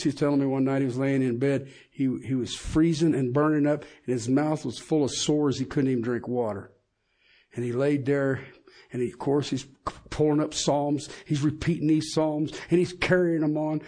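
A man's voice: mid-range voice, normal speed, dark tone. A middle-aged man preaching a sermon, emphatic and asking the congregation questions.

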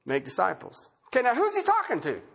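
A man's voice: extremely high pitch, wildly swooping pitch, fast talker, gravelly, fairly bright tone, breathy edge. A male preacher giving a conversational sermon, asking rhetorical questions and repeating key phrases.

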